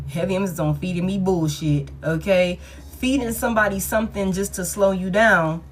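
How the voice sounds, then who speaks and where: A woman's voice: lowish voice, fairly quick, slight background noise. Blunt, profane woman tarot reader. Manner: blunt, profane, repetitive emphasis. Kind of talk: casual collective tarot reading.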